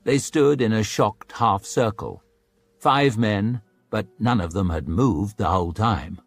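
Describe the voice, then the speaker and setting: A man narrating an audiobook in a dramatic, expressive storytelling manner. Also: lowish voice, measured pace, dry recording.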